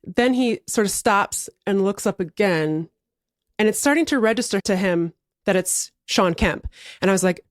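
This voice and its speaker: A woman in her thirties, a podcast co-host, telling a story in casual chat, animated and laughing as she acts out quotes. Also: mid-range voice, moderate pace, no room sound, studio quality.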